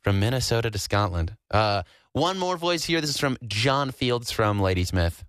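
A chatty male radio host talks casually with his co-host in a studio. His voice is mid-pitched and close to the mic, with a dry sound. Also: big pitch swings, normal speed, a bit bright, dry recording. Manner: chatty, laughs easily.

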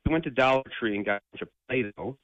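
A man's voice: medium pitch, racing, fairly bright tone, no room sound, dull audio. A man on the phone to a talk show, casually telling a funny story and laughing as he goes. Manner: laughs through his story. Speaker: caller.

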